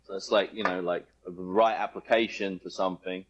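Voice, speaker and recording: A man's voice: sits low, fairly even intonation, a little fast, muffled recording, noisy background. A man chatting as a podcast guest, rambling loosely, joking and swearing freely. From United Kingdom. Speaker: guest, home builder. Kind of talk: casual podcast interview.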